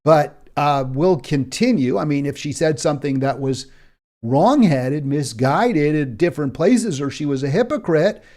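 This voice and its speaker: Give me an American man hosting political commentary, impassioned and emphatic, with a slightly high, warm voice. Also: animated, unhurried. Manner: impassioned, emphatic repetition, frequent fillers and restarts.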